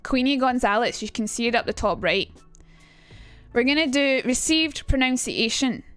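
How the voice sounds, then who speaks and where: A woman's voice: high-pitched, moderate pace, a bit bright, smooth, faint music behind. A young Scottish woman teaching on a casual livestream, chatty and blunt, swearing freely. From Scotland. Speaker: streamer.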